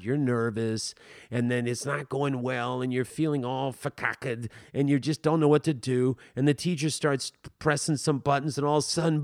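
Middle-aged man, acting coach, expressive and loud-to-soft, dry close mic. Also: mid-range voice, no room sound. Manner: animated, swings between soft asides and loud emphatic bursts; conversational, with frequent stammered restarts and "man". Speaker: acting teacher. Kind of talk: informal teaching talk.

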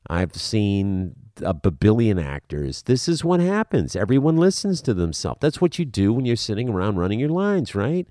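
Man, middle-aged, acting coach, emphatic lecture, animated delivery, dry close sound. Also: on the low side, moderate pace, hardly any pauses, no room sound. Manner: emphatic, animated, repeats words when starting phrases. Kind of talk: spoken lecture to the viewer.

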